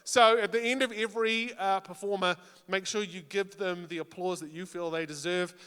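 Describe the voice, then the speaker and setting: A young New Zealand man hosting a talent show, teasing the crowd with dry, self-mocking quips. His voice sits high and bright, with a smooth, resonant tone. The sound carries a long hall reverb from a stage mic. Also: steady tone, moderate pace. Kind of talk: stand-up crowd work hosting. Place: college auditorium stage.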